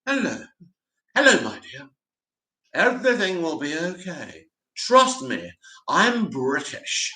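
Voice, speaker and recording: A man's voice: a little high, very animated, takes it slowly, long pauses, pushed and bright, heavily acted. A man doing a purring British villain. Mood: silky. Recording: roomy echo.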